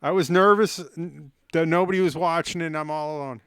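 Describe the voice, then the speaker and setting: A man's voice: a little high, steady tone, fairly quick, a bit bright, smooth, dry recording, studio quality. A man chatting on a live stream while playing chess, rambling and self-mocking and cracking silly jokes. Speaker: livestreamer.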